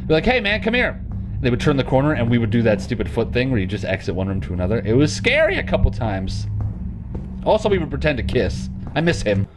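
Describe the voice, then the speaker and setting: With music playing behind him, a man hosts a horror game let's play in a mid-range voice, talking quickly and very animatedly. He rambles and jokes, sounding jumpy and on edge.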